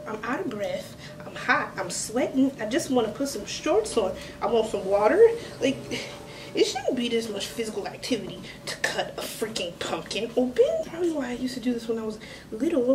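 A woman's voice: a little high, expressive, a little fast, distant mic, background noise. A woman vlogging in a chatty, exclamatory way, talking straight to her viewers. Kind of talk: casual chat to camera. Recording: music playing under the voice. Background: spooky background music.

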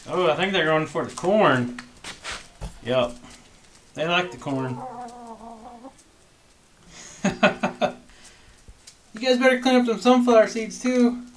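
A man's voice: fairly high pitch, a bit bright. A man hosting a casual farm vlog, chatting easily to viewers and calling his animals while he moves around a camera set down nearby in a farm shop and goat pen. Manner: easygoing, chatty, calls to animals. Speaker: farm channel host. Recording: noisy farmyard with animals in the background.

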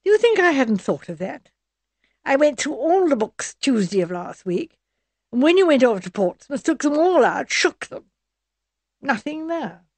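A woman's voice: high-pitched, big pitch swings, moderate pace, no echo, voice pushed up. Scornful young woman, read by a woman: curt, impatient, clipped. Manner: sharp, scornful.

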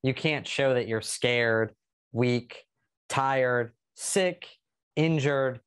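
A man's voice: medium pitch, drawn-out words, a bit bright, smooth. A man hosting a podcast, chatting in an upbeat, conversational way and asking long questions. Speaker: podcast host, interviewer. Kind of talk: casual interview talk.

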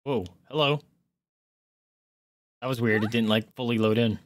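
A woman streamer giving casual gameplay commentary, excitable, swearing and reacting loudly. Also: a bass voice, moderate pace, dry recording.

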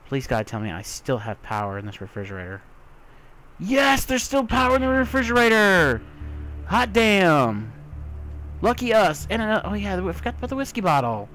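A man casually commenting on his own gameplay as a let's play host, muttering to himself, swearing and breaking into loud excited yelps. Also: fairly low pitch. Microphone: desktop mic with software trouble.

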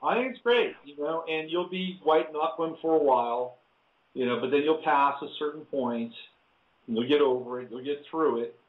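A man hosting a radio talk show, answering his guest in a relaxed, supportive way. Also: a little high, normal speed. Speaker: host. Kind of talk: casual radio chat. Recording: tinny phone-like sound in a roomy space.

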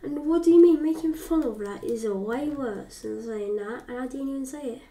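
A woman's voice: high-pitched, normal speed, warm tone. A British woman giving a casual reaction commentary, talking back at the screen in a defensive, mocking way. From Britain. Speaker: YouTuber reacting to a video. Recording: roomy, distant mic, faint background noise.

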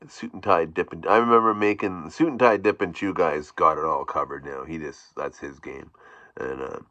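This YouTube vlogger is a man with a very low voice whose tone comes across bright and pushed forward. He rambles casually from one thought to the next, halting, restarting, and chuckling frequently. The recording is dull, dry, and lo-fi, somewhat muffled with no room sound.

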